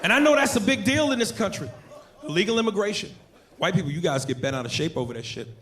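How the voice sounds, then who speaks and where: A man doing brash, profane stand-up comedy on a club stage, loud and punchy. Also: high-pitched, expressive, fast talker. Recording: live club recording with loud crowd and noise.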